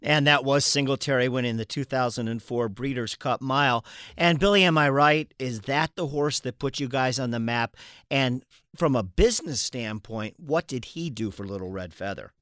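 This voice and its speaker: A man's voice: mid-range voice, normal speed, a bit bright, no echo. Guy hosting an interview, plain easy questions, dry close sound. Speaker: interview host.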